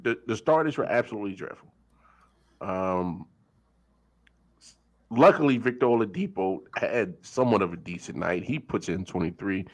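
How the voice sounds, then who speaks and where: Man, sports show host, lively up-and-down delivery with frequent hesitations. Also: on the low side, moderate pace, pauses often. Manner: animated, hesitant with many fillers. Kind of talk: casual sports talk.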